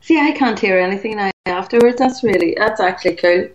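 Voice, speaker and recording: A woman's voice: medium pitch, fairly quick, muffled recording. A woman with a Northern Irish accent calling in to a show, blunt, joking and swearing casually. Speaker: caller. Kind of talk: casual call-in chat.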